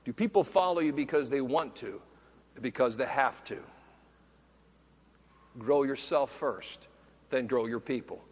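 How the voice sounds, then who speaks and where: A man giving a motivational keynote speech, telling stories in an animated way and acting out the people he quotes. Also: medium pitch, measured pace, pauses often. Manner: animated, acts out quoted voices. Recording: long hall reverb.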